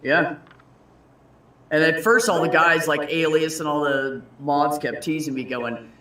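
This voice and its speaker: A man in casual chat, telling stories with lively quoted voices and frequent swearing. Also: on the high side, normal speed, far from the mic. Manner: animated storyteller, swears freely, acts out quoted voices. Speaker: guest. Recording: echoey room.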